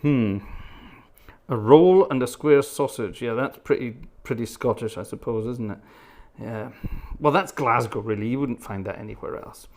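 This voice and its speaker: A middle-aged British man at a medium pitch, hosting a casual live stream. He reads out viewer questions and answers them in a wry, joking way, with plenty of chatty asides. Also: normal speed, darkish tone. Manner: chatty and wry, reads comments aloud then jokes back. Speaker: livestream host and organist.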